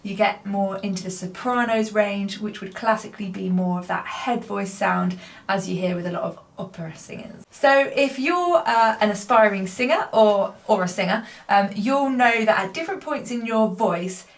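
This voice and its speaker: A woman singer calmly explaining singing registers in a casual lesson. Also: medium pitch, normal speed. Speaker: singer, guest co-presenter.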